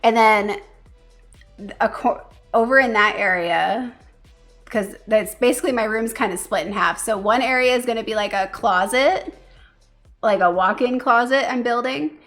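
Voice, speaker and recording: A woman streaming casually, chatting with viewers and cooing softly to her pet between thoughts. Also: on the high side, normal speed, soft background music. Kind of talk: casual livestream chat.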